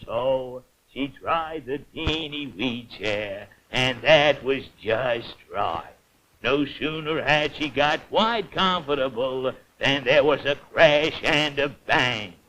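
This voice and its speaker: A man's voice: mid-range voice, slow, bright, forceful tone. A man narrating a fairy tale in an old cartoon, in a lilting storyteller manner. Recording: dull old cartoon soundtrack with faint hiss.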